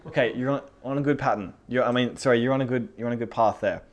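Man teaching a small-group Bible study, casual and animated, mid-range voice. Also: medium pitch, fast talker. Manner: animated, laughs often, reads scripture then comments. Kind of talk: casual Bible teaching, reading verses aloud.

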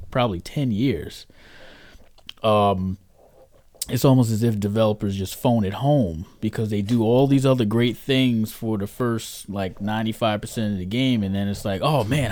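A man's voice: lowish voice, moderate pace, darkish tone, no room sound. A man giving his opinion in a casual podcast chat, thoughtful and hesitant with many fillers.

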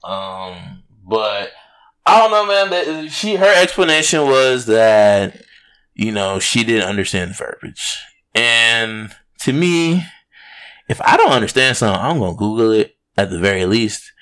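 Animated young man. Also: lowish voice, a little slow, clear, resonant tone. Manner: animated, acts out quoted voices, swears casually. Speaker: podcast co-host. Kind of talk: casual chat.

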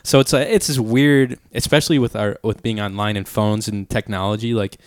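A man's voice: fairly low pitch, steady tone, brisk, no room sound, studio quality. Laid-back young podcast guy. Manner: laid-back, swears freely, lots of fillers. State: drinking beer while talking. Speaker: podcast co-host. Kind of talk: casual podcast chat.

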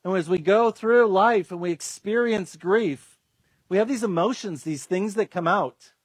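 High-voiced pastor preaching earnestly. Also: male voice, measured pace, no room sound. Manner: earnest, acts out quoted voices, restarts with fillers. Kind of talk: sermon.

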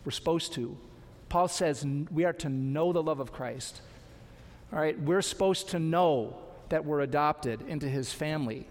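A man's voice: fairly high pitch, normal speed. A man pastor giving an earnest sermon, pressing his point with rhetorical questions. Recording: long hall reverb.

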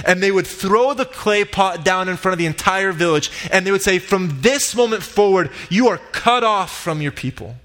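A man delivering a sermon, retelling a parable with dramatic build-ups and loud quoted cries. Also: high voice. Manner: dramatic retelling, rising to shouts in quoted lines. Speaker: pastor. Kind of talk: sermon storytelling. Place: church sanctuary.

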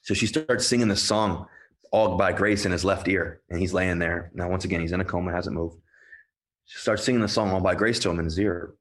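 Man, low voice, earnest, emotional, personal storytelling, repeats himself. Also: fairly quick. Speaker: guest speaker.

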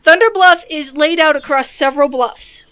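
A woman's voice: high voice, normal speed, bright, forceful tone. A woman in a casual gaming chat over a call, talking bluntly and swearing as she vents. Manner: blunt, swears when venting.

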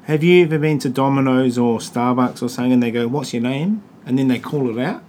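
A man's voice: medium pitch, a little fast, a little mellow, slight background noise. Swearing New Zealand man joking around. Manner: crude, joking, swears freely. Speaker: podcast host. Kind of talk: casual podcast chat.

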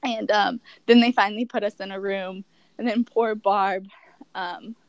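A woman's voice: medium pitch, fairly even intonation, a little slow, smooth, dry recording, poor audio. A young woman candidly telling a personal story as a guest, rambling with many fillers and restarts.

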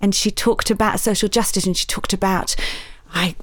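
A woman's voice: medium pitch, fairly even intonation, moderate pace, dry recording. A woman from Yorkshire, an author and journalist, talks earnestly about activism in an interview, with self-mocking asides. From Yorkshire, England. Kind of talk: conversational interview.

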